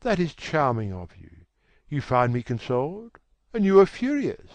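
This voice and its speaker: A man reading an audiobook, voicing a vain, cold young gentleman who talks in a languid, dismissive way. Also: mid-range voice, huge pitch swings, normal speed, dry recording, pitched above the performer's own voice. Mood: coolly aloof. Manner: languid, self-assured, dismissive. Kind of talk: audiobook character voice.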